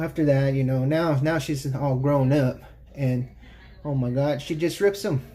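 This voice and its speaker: A man from Texas tells casual personal stories for his channel with a mellow, relaxed tone. He rambles, filling his sentences with "you know" as he goes. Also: fairly high pitch, a little slow. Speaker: YouTube storyteller. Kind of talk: casual anecdotal storytelling.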